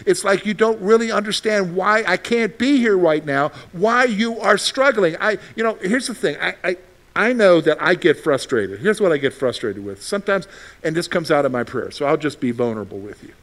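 Middle-aged male preacher, high-pitched, animated, rhetorical questions, loud peaks and hushed asides. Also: normal speed. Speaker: pastor. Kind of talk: sermon.

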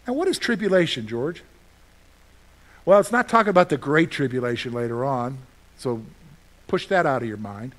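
A middle-aged man preaching a sermon as pastor, lively and conversational, asking his listeners questions and answering them himself. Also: medium pitch, normal speed, long pauses. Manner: animated, asks the congregation questions and answers them; acts out his own panicked reactions for humor.

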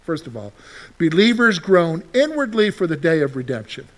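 High, lively male preacher. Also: normal speed. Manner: conversational, asks the congregation questions and answers them; plays out imagined listeners' replies. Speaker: pastor. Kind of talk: sermon.

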